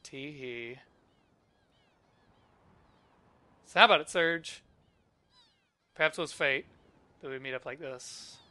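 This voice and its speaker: A man's voice: medium pitch, normal speed, pushed and bright. A man voicing a spunky, cocky young female thief in a video game, teasing and brash.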